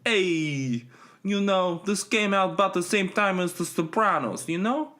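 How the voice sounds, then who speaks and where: A man with a hoarse throat putting on a loud, brash mob gangster voice for a joke. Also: sits high, measured pace, voice pushed up.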